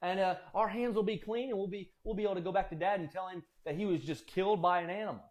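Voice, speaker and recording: A man voicing a shrewd older brother pitching a scheme in a hushed persuasive tone. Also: fast, natural voice. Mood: conspiratorial. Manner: conspiratorial, persuasive.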